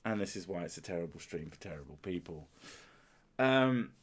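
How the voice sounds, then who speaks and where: A man's voice: low-pitched, animated, normal speed, slightly rough. A man hosting a livestream, chatting casually, with crude, self-mocking jokes. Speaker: streamer and host.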